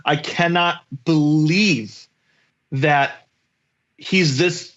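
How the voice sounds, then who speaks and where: Podcast co-host, man with a higher voice, emphatic and excitable, swears, muffled lo-fi audio. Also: very slow. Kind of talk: casual chat. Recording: slightly dull lo-fi sound.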